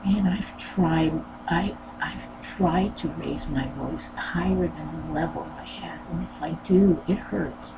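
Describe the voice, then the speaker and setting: A woman who hosts a sewing channel, talking in a rambling, earnest way and repeating her phrases, with a low voice that she says never goes higher. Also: slow pace, gravelly. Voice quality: low voice that does not go higher. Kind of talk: casual personal talk. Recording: noisy background.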